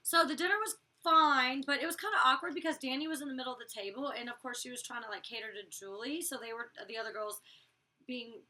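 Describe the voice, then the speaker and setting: A young woman in her twenties talks straight to her viewers in a loose, rambling recap. Her voice is bright, sharp and pitched fairly high, and she sits a bit back from the microphone. She gets blunt and profane whenever something irritates her. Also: fast talker, far from the mic. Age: 20s. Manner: blunt, heated and profane when venting, chatty and rambling. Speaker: reality show cast member reviewing her episode. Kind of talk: casual vlog recap.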